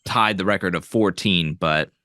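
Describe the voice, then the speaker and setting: A man in casual podcast chat, animated and laughing often as he talks about movies. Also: low-pitched, moderate pace, dry recording, clean studio sound. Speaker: podcast co-host.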